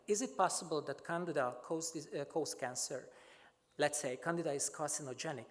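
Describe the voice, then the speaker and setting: Halting man lecturing in a reverberant hall. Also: a little high. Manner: halting, many filler sounds and restarts. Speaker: microbiology researcher giving a lecture. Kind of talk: academic talk with slides.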